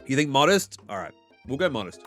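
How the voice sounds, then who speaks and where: A man's voice: mid-range voice, sing-song, brisk, fairly bright tone, soft background music. A man streaming a video game, reading its text aloud and reacting with playful, theatrical swings. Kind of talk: live game playthrough commentary.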